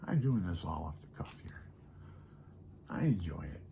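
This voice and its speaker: An older man talks in a low, gravelly voice, rambling off the cuff and chuckling between thoughts. He speaks softly, and a faint hiss sits under the recording. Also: very animated, a little slow. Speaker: vlogger and hobby guitarist.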